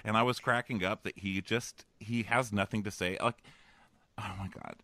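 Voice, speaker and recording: A man's voice: on the low side, fairly even intonation, moderate pace, sharp tone, no echo. A man hosting a comedy podcast from a hotel room over a remote link, joking and campy, laughing often. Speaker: podcast host. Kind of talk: casual comedic chat. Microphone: remote connection.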